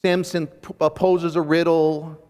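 Male conference preacher, slightly raised pitch, lively halting delivery, long hall echo. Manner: animated storytelling with frequent restarts. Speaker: conference speaker teaching scripture. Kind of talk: sermon.

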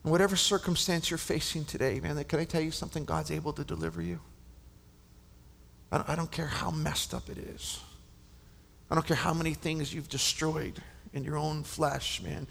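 A man preaching a sermon at a men's conference, impassioned, often stammering and restarting, and dropping to a hushed whisper for effect. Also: on the high side, little pitch movement, moderate pace, gravelly. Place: large conference hall. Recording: long reverb of a large hall.

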